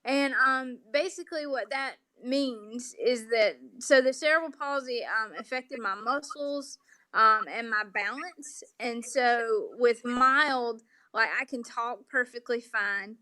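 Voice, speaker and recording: A woman's voice: on the high side, slow, pushed and bright. A woman with a Southern accent, a polite guest explaining things patiently with frequent "um" fillers. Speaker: interview guest. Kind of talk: remote interview conversation.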